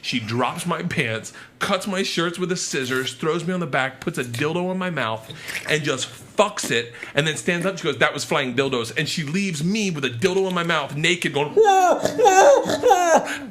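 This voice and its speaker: A man, a podcast guest, telling a wild story loudly and profanely, breaking into shouts. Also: a little high, moderate pace, slight background noise. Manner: loud, profane, shouts in bursts. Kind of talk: animated storytelling.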